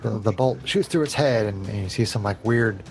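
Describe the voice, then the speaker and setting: Gravelly game master with music. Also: male voice, lowish voice, brisk. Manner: calls out hits and damage, chuckles often. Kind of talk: narrating a tabletop game over a video call. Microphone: video call headset or desk mic.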